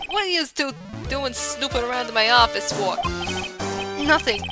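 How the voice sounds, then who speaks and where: A woman voicing a gruff, bullying loan-shark gangster man who talks in tough-guy slang, over loud game music. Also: on the high side, lively intonation, moderate pace, natural voice. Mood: threatening.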